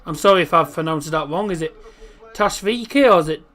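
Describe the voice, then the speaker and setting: A man's voice: a little high, fairly even intonation, rapid-fire, sharp tone. A man hosting a casual live football watchalong stream, reading out lineups and chatting with viewers. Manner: chatty, reads out chat messages and team lineups.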